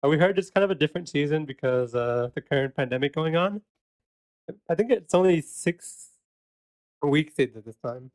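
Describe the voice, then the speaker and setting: A man co-hosting a relaxed podcast, his voice sitting a little high for a man. He chats casually, laughs easily and often, and fills gaps with "um" and "uh". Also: normal speed. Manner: chatty, laughs often, many fillers. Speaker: podcast co-host.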